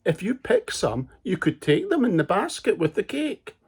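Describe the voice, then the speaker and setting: A man's voice: sits high, very animated, normal speed, darkish tone, husky, pitched above the performer's own voice, exaggerated voice. A man doing a sly, sweet-talking wolf. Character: sly, cunning, hungry male wolf.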